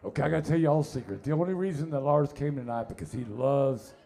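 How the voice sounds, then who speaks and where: A man's voice: on the high side, fast talker, creaky, warm tone. A man in a coffee shop tossing in teasing one-liners from beside the stage.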